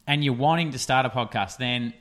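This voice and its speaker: A man's voice: medium pitch, fairly quick, a bit bright. A young man hosting a casual podcast, chatty and rambling with lots of fillers. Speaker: podcast host. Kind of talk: casual solo podcast chat.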